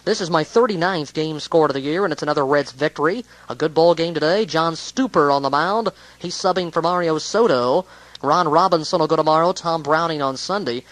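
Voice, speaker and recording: A man's voice: a little high, a little fast, fairly bright tone, dry recording, low-quality recording. A man giving a casual, rambling spoken recap of a baseball game, with many hesitations.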